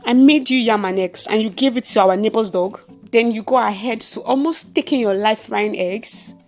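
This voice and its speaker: A woman's voice: medium pitch, unhurried, faint music behind, lightly acted. Mary, a purring temptress, voiced by a woman. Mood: exasperated. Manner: sultry, purring.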